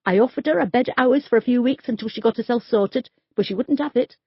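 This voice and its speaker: A woman's voice: fairly high pitch, quick pace, creaky, husky, no room sound, highs cut off, pitched above the performer's own voice. A woman doing a blunt street worker. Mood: gossipy. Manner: blunt, gossipy, earthy. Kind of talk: audiobook character voice.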